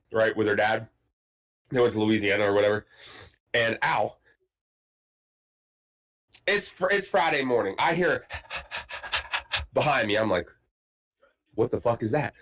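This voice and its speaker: A man's voice: mid-range voice, fairly bright tone, low-quality recording. A man hosting a podcast, telling a casual story in a profane, boisterous, joking way. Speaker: podcast host.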